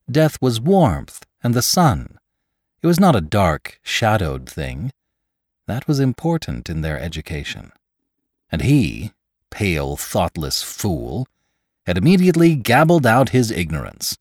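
A man narrates a classic story in a deep, slow voice with wide, expressive swings in pitch. The reading is measured and deliberate. The recording is dry and close-miked. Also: dry recording. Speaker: podcast narrator.

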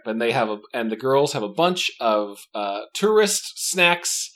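A man recapping a story on a podcast in a relaxed, hesitant way. His voice has a bright edge at a medium pitch. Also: a little slow, hardly any pauses. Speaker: podcast co-host. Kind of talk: casual chat recapping a story.

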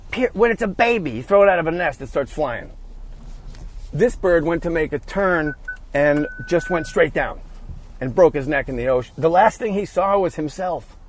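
A man telling a funny story in a casual comic monologue, profane and animated, laughing at his own tale. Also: a little high, low-quality recording.

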